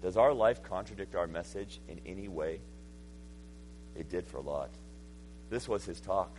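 A man in his thirties preaching a sermon, swinging from loud, emphatic passages to hushed, intimate ones. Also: sits low, a little slow, slight background noise, rough recording. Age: 30s. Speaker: pastor.

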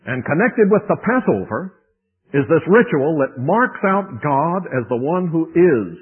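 A man preaching a sermon lecture, swinging between loud emphasis and hushed tones, with a husky voice. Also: on the high side, very animated, a little slow. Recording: tinny phone-like old radio recording.

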